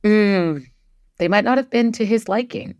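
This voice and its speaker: A woman's voice: medium pitch, moderate pace, a little mellow, no echo, studio quality. A young woman, an actor and writer, telling a self-deprecating story as a podcast guest, laughing often.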